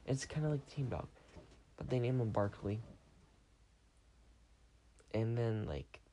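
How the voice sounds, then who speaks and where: A man's voice: mid-range voice, expressive, takes it slowly, warm tone, slight background noise. A tired young man hosting a podcast, talking in a chatty, rambling way and often correcting himself. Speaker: podcast host. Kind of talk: rambling casual monologue.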